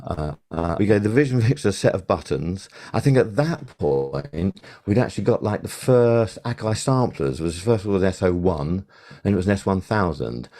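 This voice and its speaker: Low-voiced older man telling anecdotes. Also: warm tone. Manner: rambling anecdotes with many fillers and restarts. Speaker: podcast guest, sound supervisor. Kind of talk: casual interview.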